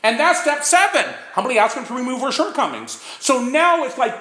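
Man, recovery-talk speaker, conversational, lively pitch, echoey room. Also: moderate pace, hardly any pauses. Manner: conversational, frequent "right?" asides. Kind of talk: informal talk on recovery steps.

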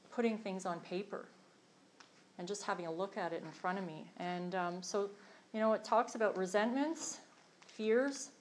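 A woman's voice: medium pitch, low-quality recording. A middle-aged woman candidly sharing her recovery journey, earnest and self-deprecating, with many fillers and restarts. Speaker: recovery program member sharing her story. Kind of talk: candid personal testimony.

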